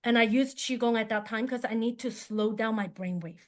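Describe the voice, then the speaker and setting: A woman with a high voice shares a personal story in a workshop. She is animated and acts out each line of dialogue. She talks in plain, simple English and laughs often. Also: a little fast. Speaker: qigong teacher.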